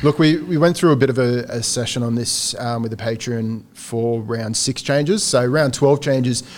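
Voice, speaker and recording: A man's voice: medium pitch, normal speed, a little mellow. An Australian man co-hosting a podcast, laying out analysis in casual chat and laughing easily. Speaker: podcast co-host.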